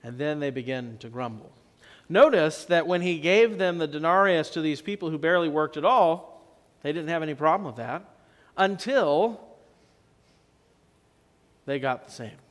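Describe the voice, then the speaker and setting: A man preaching a sermon as pastor, telling the story in a conversational way and swinging between loud and soft for emphasis. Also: on the high side, animated, moderate pace, long pauses. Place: church sanctuary. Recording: long church reverb.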